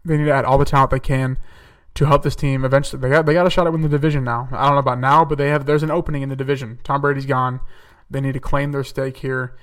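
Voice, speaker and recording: A man's voice: mid-range voice, little pitch movement, fast, hardly any pauses, distant mic. A young man hosting a podcast, talking casually through his picks and thinking aloud with fillers and self-corrections. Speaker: podcast host. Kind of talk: casual solo mock-draft commentary.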